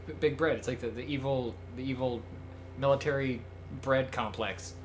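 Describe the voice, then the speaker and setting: A man co-hosting a let's play, making deadpan jokes and dragging out running gags. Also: medium pitch, normal speed, slight background noise. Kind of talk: casual gameplay commentary.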